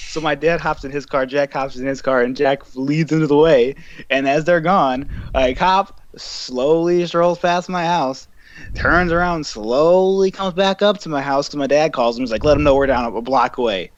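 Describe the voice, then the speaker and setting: A young man co-hosting a podcast, telling a story in casual chat, animated and profane, acting out what people said. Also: a little high, normal speed. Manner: animated, profane, acts out quotes. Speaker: podcast co-host. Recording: dull lo-fi podcast mic with faint hiss.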